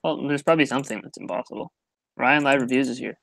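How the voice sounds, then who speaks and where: A man's voice: medium pitch, quick pace, creaky, fairly bright tone, dry recording. A man hosting a casual livestream, chatting and joking in a dry, matter-of-fact way. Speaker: livestream host.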